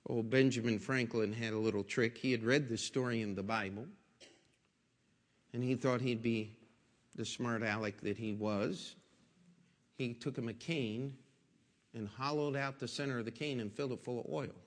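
A man's voice: medium pitch, steady tone, normal speed, pauses often. A man pastor preaching a sermon in a folksy storytelling way, asking rhetorical questions, in a church. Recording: long echoing hall reverb.

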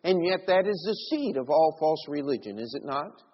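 A man preaching a sermon as pastor, swinging between loud emphatic bursts and quiet low asides. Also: animated, normal speed, slight background noise. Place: church sanctuary. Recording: lo-fi church audio with long reverb.

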